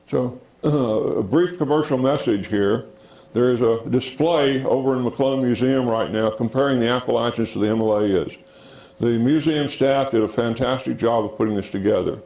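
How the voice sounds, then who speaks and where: Gravelly man giving a slide lecture. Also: mid-range voice, dark tone. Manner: halting, many fillers, says "next" for each slide. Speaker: geology lecturer. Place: lecture hall. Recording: echoey lecture hall.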